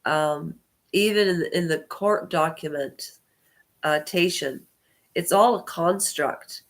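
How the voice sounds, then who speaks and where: A woman's voice: fairly low pitch, slow pace. A congested woman talking to camera on her own vlog, meandering and hesitant and often correcting herself mid-sentence. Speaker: channel host. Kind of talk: rambling personal vlog talk.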